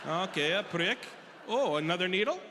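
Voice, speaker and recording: A man does stand-up with a fairly high voice, telling an exaggerated story in an animated way. His voice rings through a large hall with a long reverb, and the audience is plainly heard. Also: moderate pace, a crowd in the background, noisy background. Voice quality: animated, exaggerating, tag questions. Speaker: stand-up comedian. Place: comedy festival stage in a large hall.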